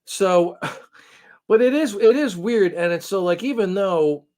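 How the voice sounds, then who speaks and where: A man co-hosting a podcast in a somewhat high voice. He rambles through casual chat, hedging and restarting his sentences. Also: a little slow, darkish tone. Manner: rambling, hesitant, many restarts and fillers. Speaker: podcast co-host.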